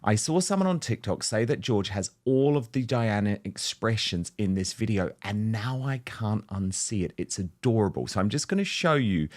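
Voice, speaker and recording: A man's voice: on the low side, expressive, moderate pace, hardly any pauses. Chatty man hosting a talk show. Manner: chatty, reads out viewer comments. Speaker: show host. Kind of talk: casual chat.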